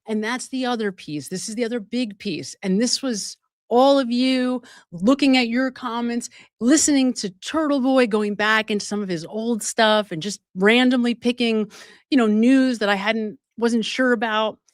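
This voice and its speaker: A woman's voice: on the high side, normal speed, no room sound, clean studio sound. A woman hosting a live stream of true crime commentary, talking straight to her viewers with emphatic asides and frequent laughs. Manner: animated and emphatic, laughing often mid-sentence. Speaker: livestream host.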